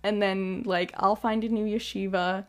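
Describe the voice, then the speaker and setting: A woman's voice: medium pitch, moderate pace. A woman co-hosting a podcast, retelling a movie scene by scene in casual chat and acting out the characters' lines. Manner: animated retelling with quoted character lines, frequent laughing. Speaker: podcast co-host.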